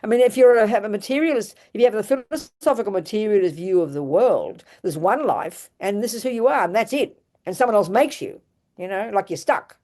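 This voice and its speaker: The dharma talk comes from an older Buddhist nun with an Australian accent, her mid-range voice moving fairly quickly. She's energetic and emphatic, repeatedly restarting and echoing her own phrases.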